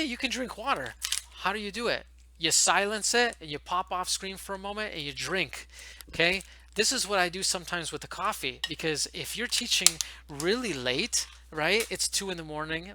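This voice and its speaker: Fast-talking man coaching new teachers. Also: on the high side, sharp tone. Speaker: online ESL teacher giving advice. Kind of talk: casual advice video. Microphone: headset.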